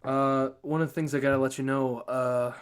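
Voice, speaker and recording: A man's voice: medium pitch, little pitch movement, moderate pace, smooth. A man narrating as game master in a casual, loose way with many fillers.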